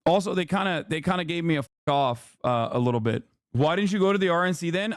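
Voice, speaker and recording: A man's voice: on the high side, expressive, fast talker, no room sound, studio quality. A man streaming from home, ranting and mocking his chat in a profane, casual commentary.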